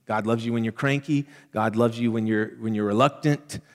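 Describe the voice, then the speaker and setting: A middle-aged man preaching a sermon as pastor, conversational and animated, checking in with the congregation as he goes. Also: lowish voice, moderate pace. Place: church sanctuary. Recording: long hall reverb.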